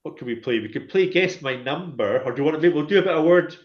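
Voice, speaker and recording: A man's voice: on the high side, expressive, fast, lo-fi sound. Patient man teaching numbers. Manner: patient, encouraging, drills words call and response. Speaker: Gaelic language teacher. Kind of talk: relaxed one-to-one language lesson.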